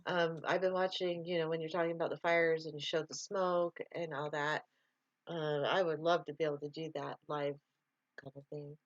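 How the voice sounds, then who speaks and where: A woman's voice: low voice, little pitch movement, normal speed, no room sound, dull audio. A woman hosting a casual live stream, chatting loosely, laughing often and answering viewer comments.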